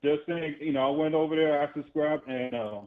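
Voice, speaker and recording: A man calls in to a sports show and mocks the other fans. He stammers and repeats himself. His voice is fairly high and comes through dull and muffled. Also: fairly even intonation, brisk. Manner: mocking, stammering. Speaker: caller. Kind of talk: casual sports trash talk.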